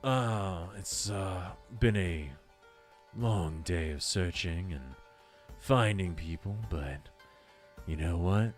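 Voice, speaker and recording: A man voicing a relaxed adult male adventurer who talks in a low, easy drawl. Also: slow, soft background music. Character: laid-back adult male adventurer in a duster.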